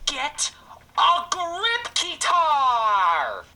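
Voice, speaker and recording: A woman tosses off goofy sound-effect voices, swinging between shrill squeals and low growls. Her voice sits very high and bright, and she drags every word out slowly. Laughter keeps breaking into her shouting. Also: sing-song.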